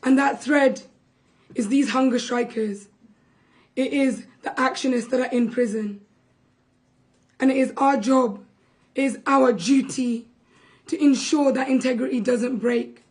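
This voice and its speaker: A young woman, hoarse and losing her voice, giving an impassioned, urgent speech at a press conference about a relative on hunger strike. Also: sits high, steady tone, unhurried, long pauses, darkish tone, poor audio.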